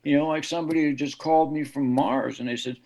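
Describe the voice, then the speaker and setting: A man's voice: a little high, quick pace, vocal fry, low-quality recording. A man, a guest guitarist, telling stories in a casual interview and acting out the voices of people he quotes. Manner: animated storyteller, acts out quoted voices.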